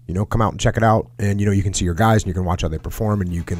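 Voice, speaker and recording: A man's voice: fairly low pitch, fairly even intonation, racing, a little mellow, dry recording. A man hosting a podcast, telling a military training story casually with lots of jargon and restarts. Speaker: podcast host.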